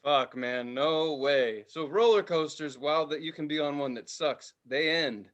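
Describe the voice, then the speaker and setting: Man, thirties, casual podcast host, animated storyteller, profane, high voice. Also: unhurried. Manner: animated, profane, does loud voices in his stories.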